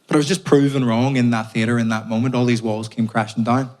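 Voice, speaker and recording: A man's voice: mid-range voice, flat delivery, fairly quick, darkish tone. A young Irish man performing a stand-up comedy set, telling stories with punchy asides and swearing. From Ireland. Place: theatre stage before a live audience.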